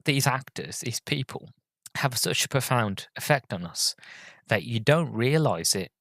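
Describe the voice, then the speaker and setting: A man's voice: medium pitch, expressive, a little slow, vocal fry, a bit bright, no room sound. A man hosting a podcast, telling a story in a rambling, hesitant way with many ums and restarts, earnest and openly emotional as a fan. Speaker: podcast host. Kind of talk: casual storytelling review.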